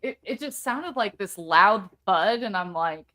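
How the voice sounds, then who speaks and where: A woman hosting a live true-crime stream, animated and chatty. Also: medium pitch, measured pace, slight background noise. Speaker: host.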